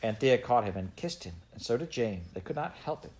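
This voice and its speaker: A man reading a children's novel aloud in an unhurried, gently expressive way. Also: mid-range voice. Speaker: audiobook reader.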